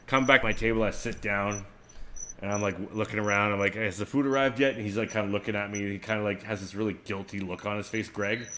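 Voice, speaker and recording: Guy cohosting, bright voice, kinda low, gets loud acting out quotes. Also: quick pace. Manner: animated, acts out quotes loudly. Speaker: co-host. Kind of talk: casual chat, storytelling.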